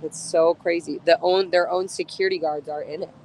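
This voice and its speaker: A woman's voice: lowish voice, fairly even intonation, a little fast, darkish tone, a little hiss or hum, low-quality recording. Woman streamer, outdoors on phone, emotional, chatty, speaks straight to viewers. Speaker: livestreamer. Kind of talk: outdoor livestream chat. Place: outdoors on a street.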